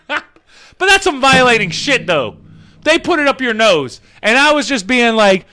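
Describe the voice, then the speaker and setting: Guy with a high voice rambling thru a funny story on his podcast, lots of ums, swears a bit. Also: measured pace, pauses often. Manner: rambling, animated, many fillers and restarts; swears casually. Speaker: podcast host. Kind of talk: casual comedic storytelling.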